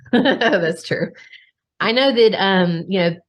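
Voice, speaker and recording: A woman's voice: mid-range voice, slow pace. A woman hosting a podcast, talking frankly and expressively, swearing casually and speaking straight to her listeners. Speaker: podcast host. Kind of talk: candid conversational podcast talk.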